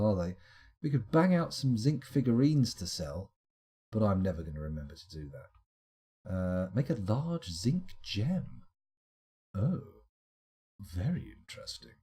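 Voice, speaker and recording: A man's voice: medium pitch, dark tone, breathy edge. A man streaming a management game, muttering his choices aloud with wry asides. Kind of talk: casual let's-play commentary.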